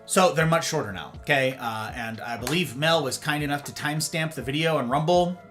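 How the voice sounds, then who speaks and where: A man's voice: a little high, a little fast, a bit bright, faint music behind. A man hosting a livestream, chatting casually and reading and answering his viewers' messages aloud. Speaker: livestream host.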